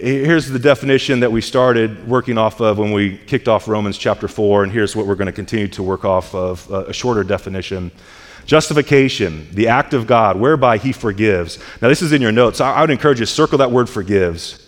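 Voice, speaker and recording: A man's voice: fast, few pauses. Earnest male preacher in a reverberant hall. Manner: earnest preaching with repeated words and restarts, rising in intensity at high points. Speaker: pastor. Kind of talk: sermon. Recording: long reverb of a church hall.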